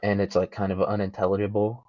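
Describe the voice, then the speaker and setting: A man's voice: on the low side, monotone, quick pace, no room sound, dull audio. A young man hosting a solo podcast, rambling casually with lots of swearing and self-mocking jokes. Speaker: podcast host.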